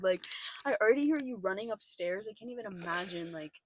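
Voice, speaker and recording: A woman's voice: medium pitch, fast talker, a little hiss or hum, low-quality recording. A woman in her twenties co-hosting a podcast, telling stories in a casual chat and acting out the voices of the people in them. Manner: animated storytelling, acting out voices. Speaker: podcast co-host.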